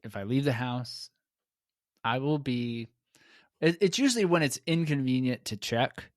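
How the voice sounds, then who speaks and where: A man hosting a podcast, chatting casually with playful, quick jokes. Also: medium pitch, expressive, no echo, clean studio sound. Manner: joking, playful, quick riffs. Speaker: podcast host. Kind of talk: casual conversation.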